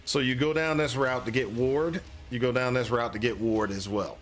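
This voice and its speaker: A man's voice: medium pitch, normal speed, faint music behind. A man streaming a game, giving casual, rambling commentary full of restarts and exasperated exclamations. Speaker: gaming streamer.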